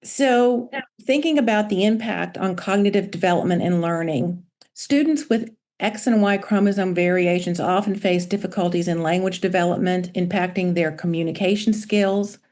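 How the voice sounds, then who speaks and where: A woman pediatrician presenting a medical webinar lecture over a video call in a measured, informative way. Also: lowish voice, a little mellow. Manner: measured, informative, reading from slides.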